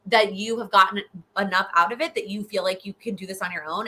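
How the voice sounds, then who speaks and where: A bright, clear-toned young woman hosts a live question-and-answer stream. Her talk is loose and chatty, full of restarts and casual fillers as she answers viewers. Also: medium pitch, fairly quick. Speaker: host, goal-setting coach. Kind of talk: live Q&A chat.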